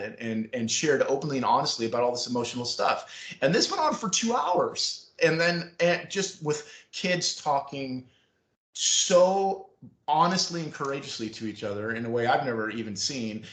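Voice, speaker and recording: A man's voice: a little high, moderate pace. Rambling storyteller man on a video call. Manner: rambling, animated storyteller acting out quoted voices. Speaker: interview guest, former school staff member. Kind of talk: casual storytelling interview. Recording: roomy video-call audio.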